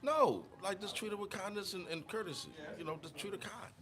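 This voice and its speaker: A man speaking as a guest in a casual talk, halting and repeating words as he answers. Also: high voice, animated, a crowd in the background. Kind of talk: casual chat.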